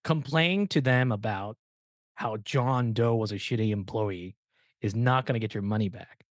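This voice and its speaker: Animated storytelling man, dry close mic. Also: lowish voice, moderate pace, no room sound. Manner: animated storyteller, acts out quoted dialogue. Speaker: podcast host. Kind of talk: casual podcast chat.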